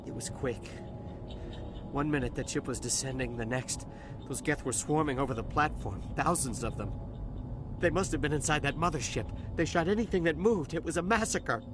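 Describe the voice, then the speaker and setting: A man's voice: a little high, normal speed, music in the background, natural voice. A man playing a stammering, rattled dock worker. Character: nervous, shaken male dock worker, adult. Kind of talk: video game voice acting. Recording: game audio with steady background noise.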